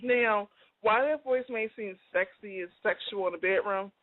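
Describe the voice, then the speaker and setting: Deep-voiced woman on a phone line. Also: normal speed, no echo. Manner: emphatic, repeats herself, laughs often. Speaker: co-host. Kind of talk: casual chat.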